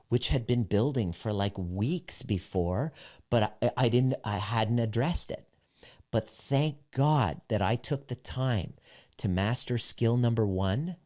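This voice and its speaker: A relationship coach with a fairly low, dark-toned voice shares a candid personal story. He pulls earnest lessons from it, speaking bluntly and emphatically and swearing freely.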